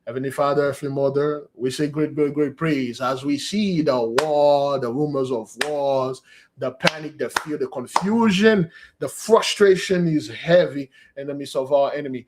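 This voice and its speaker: A man delivers an earnest sermon that flows into a spoken prayer, exhorting his listeners and addressing them as beloved. His voice sits a little higher than most men's. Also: moderate pace, noisy background. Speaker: preacher.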